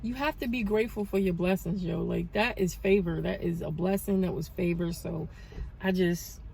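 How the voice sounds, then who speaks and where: Gravelly-voiced woman vlogger chatting. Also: fairly low pitch, moderate pace, a little hiss or hum. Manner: animated storytelling, praises God. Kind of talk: casual chat.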